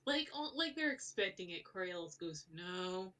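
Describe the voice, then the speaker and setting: A woman's voice: lowish voice, big pitch swings, normal speed, bright, forceful tone. A woman narrates a tabletop game as its game master, wandering through her descriptions with plenty of ums and restarts. Her voice is set back a little from the mic, so it sounds slightly distant. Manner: rambling, many fillers and restarts.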